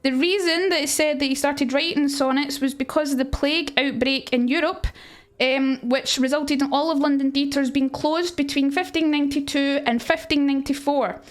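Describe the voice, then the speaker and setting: A young woman with a Scottish accent talks through Shakespeare for her livestream audience in a loose, rambling way. Her voice sits high, and she breaks off often to answer messages from chat. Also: fairly even intonation, normal speed, few pauses. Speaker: streamer teaching Shakespeare to chat. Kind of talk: casual livestream lesson.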